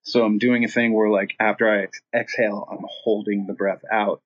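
Male guest, husky, loose rambling storyteller with a casual swearing manner, muffled lo-fi recording. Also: lowish voice, flat delivery, a little fast. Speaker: band singer, guest.

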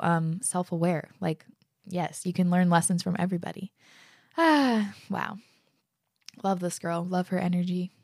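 A woman's voice: on the low side, unhurried, vocal fry, darkish tone, dry recording, clean studio sound. A young woman hosting a podcast, reading listener emails aloud and reacting with effusive praise and casual swearing.

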